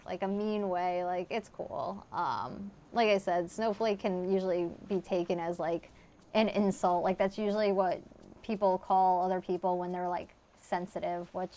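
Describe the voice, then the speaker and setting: A woman's voice: lowish voice, steady tone, normal speed, dark tone, slight background noise. A woman in her thirties streaming a video game, chatting loosely with her viewers, rambling and swearing casually as she answers chat. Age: 30s. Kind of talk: casual live-stream chat while gaming.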